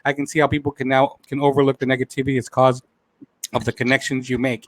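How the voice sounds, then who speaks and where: Talking fast in a mid-range voice with little pitch movement, recorded dry, a man hosts a live talk show. His emotional live-stream chat is heartfelt, he repeats phrases, and he says he's close to tears.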